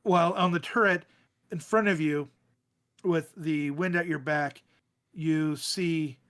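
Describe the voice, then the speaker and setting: Slightly high-voiced man as game master. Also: fairly bright tone. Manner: halting, with many fillers and restarts. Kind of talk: narrating a tabletop game.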